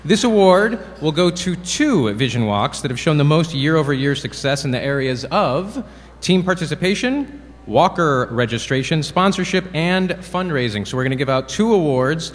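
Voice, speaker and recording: A man's voice: a little high, big pitch swings, normal speed. Wisecracking man emceeing in a reverberant hall. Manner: playful, wisecracking. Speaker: awards presenter. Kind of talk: joking awards emcee. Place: large banquet hall. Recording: reverberant hall, crowd and noise behind.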